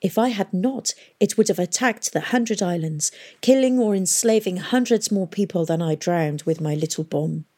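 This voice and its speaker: A woman voicing a gentle, cool-headed aviatrix and spy who speaks softly and matter-of-factly. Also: fairly low pitch, normal speed, few pauses, lightly acted. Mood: calm. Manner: soft-spoken, calmly matter-of-fact.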